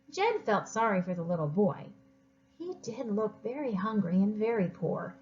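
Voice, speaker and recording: Expressive woman teacher reading aloud. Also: mid-range voice, normal speed, lo-fi sound. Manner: expressive, animated, encouraging. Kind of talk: reading a story aloud to children.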